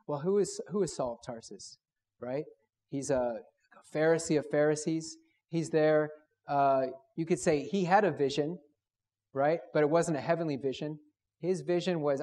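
Male preacher, higher-pitched, emphatic, repetitive student-meeting sermon. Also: normal speed, dark tone. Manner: emphatic, repetitive, builds phrases; leads group to read aloud together.

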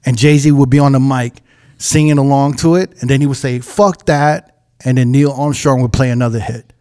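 A man's voice: mid-range voice, normal speed. A man co-hosting a casual podcast as a nightclub DJ, telling stories and acting out catchphrases. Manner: animated storytelling, acts out catchphrases. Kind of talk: casual chat. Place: podcast studio.

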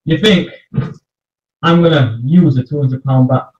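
A man's voice: on the high side, unhurried, darkish tone. A man with a West Yorkshire accent on a video call, blunt and full of banter, calling the other man mate. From West Yorkshire, England. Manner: blunt, banter-heavy, calls people mate. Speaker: stranger on video chat. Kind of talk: casual chat. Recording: dull, echoey video-call audio.

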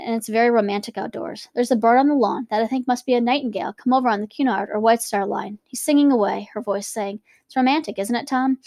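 A woman's voice: fairly high pitch, darkish tone, no echo. A woman reading a classic novel aloud and stopping for casual commentary. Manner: quick, conversational asides between reading. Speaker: reader and teacher.

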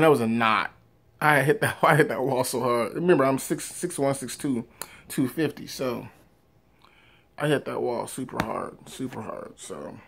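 A man in a personal vlog tells his story straight to camera in an ordinary mid-range voice. He rambles with lots of fillers and restarts. He gets loud and animated at the big moments, then trails off quietly. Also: mid-range voice, creaky. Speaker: vlogger.

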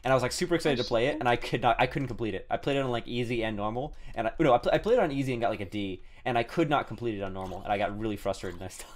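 A man's voice: medium pitch, very fast, hardly any pauses. A young man hosting a casual gaming stream, rambling with many restarts while greeting his chat. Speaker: streamer host.

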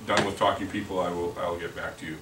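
A man's voice: low voice, little pitch movement, fast. A man giving a product training talk at a lunch meeting, rambling with many repeated words and restarts. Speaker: sales representative. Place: meeting room, lunch and learn. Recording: echoey room from far off, faint noise.

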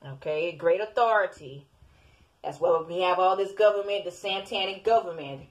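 A woman's voice: lowish voice, normal speed. A woman preaching informally to an online audience, scolding her listeners and repeating "okay?" again and again. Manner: repetitive, scolding, keeps asking "okay?". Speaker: self-made online preacher.

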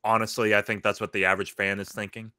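A man's voice: fairly low pitch, flat delivery, fast talker, pushed and bright, clear, resonant tone, no echo, studio quality. A man with an American accent chatting casually about football, a little hesitant and loose in his phrasing. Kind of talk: casual sports chat.

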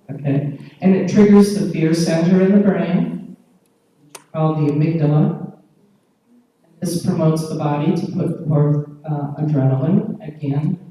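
A woman's voice: low-pitched, dark tone. A woman giving a conference lecture, explaining patiently and often checking in with the audience by asking "okay?". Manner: explains patiently with pauses and fillers. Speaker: conference speaker. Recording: echoey hall, distant mic.

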